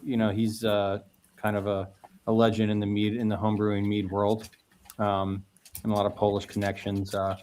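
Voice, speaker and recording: A man's voice: fairly low pitch, completely flat delivery, moderate pace, darkish tone, slight background noise. A man from Northwest Indiana, a guest meadery owner talking casually on a podcast, rambling and restarting as he goes. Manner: rambling, repeats words and restarts often.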